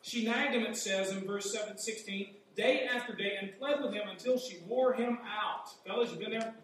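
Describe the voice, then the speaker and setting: Male preacher, fairly high voice, chatty sermon delivery, heard from back in a very echoey hall. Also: normal speed, fairly bright tone. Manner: conversational, asks rhetorical questions. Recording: echoey hall, mic far off, faint hum.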